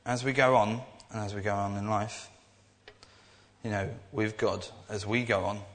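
A young man preaches in a loose, earnest ramble, circling back and restarting his thoughts often. His voice sits on the low side, and it carries a long echo that hangs in the hall. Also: fairly even intonation, normal speed, a bit bright. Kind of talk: informal sermon. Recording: echoey hall.

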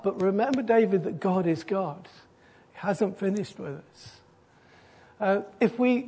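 A middle-aged man, a pastor preaching an earnest sermon that softens into a quiet, gentle invitation. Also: high-pitched, husky.

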